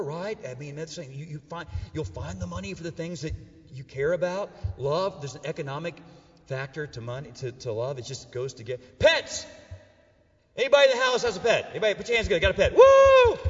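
A middle-aged man preaching to a church crowd, his voice pitched high for a man and full of playful banter. He swings from loud, joking calls to hushed, earnest lines. The sound is dull and carries a long echo from the big hall. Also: animated, fast talker. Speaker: pastor. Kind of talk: sermon. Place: church auditorium with a live audience.

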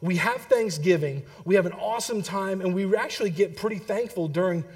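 A pastor in middle age, speaking fairly quickly in a high voice, shares a family story in his sermon. He's lively and keeps checking in with the congregation, asking "okay?".

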